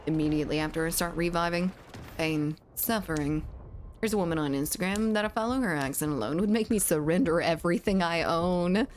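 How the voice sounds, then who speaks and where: A woman's voice: on the low side, a little fast, slight background noise. A woman with a Southern US accent streaming a game, chatting playfully and reading chat aloud. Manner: chatty and playful, with frequent laughs. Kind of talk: casual chat while gaming, reading chat aloud.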